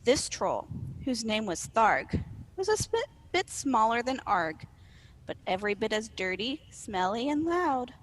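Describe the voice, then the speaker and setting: A woman reading a children's story aloud in an expressive, playful way. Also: fairly high pitch, unhurried.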